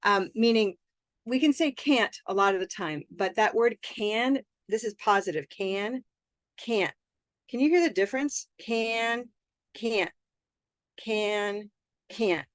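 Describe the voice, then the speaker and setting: A woman's voice: mid-range voice, a little slow, no echo. A woman, leading a live online pronunciation lesson and patiently modeling words for learners to repeat. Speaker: English pronunciation teacher.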